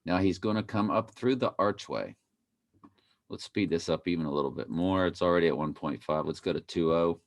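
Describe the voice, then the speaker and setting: A man's voice: low-pitched, a little fast, slight background noise. A man giving casual, playful commentary over a video he plays, repeating phrases in a mock chant and breaking into sudden exclamations.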